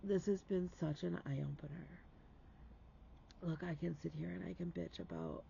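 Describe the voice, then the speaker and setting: A man's voice: fairly high pitch, very animated, moderate pace, vocal fry, dark tone, highs cut off, slight background noise. A man hosting a stitching vlog, telling a heartfelt story in casual chat and dropping to a whisper for emphasis.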